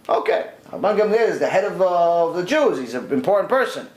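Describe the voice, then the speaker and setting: Animated rabbi telling a story. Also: male voice, sits high, a little fast, few pauses. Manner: animated, conversational retelling with voiced quotes. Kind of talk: storytelling lesson. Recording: echoey room.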